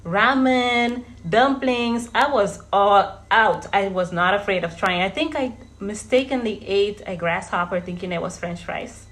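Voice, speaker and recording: A woman's voice: mid-range voice, unhurried, few pauses, fairly bright tone. A woman in her thirties from Verde, a vlogger telling personal stories in a chatty way and often calling her viewers "guys". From Cape Verde. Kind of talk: casual storytelling vlog.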